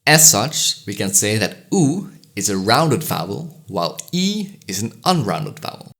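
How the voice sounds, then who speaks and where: Man, educational voice-over, clear explanatory delivery, sounds out vowels slowly. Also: fairly low pitch, sing-song, fairly bright tone. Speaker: language educator. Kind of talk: scripted educational narration.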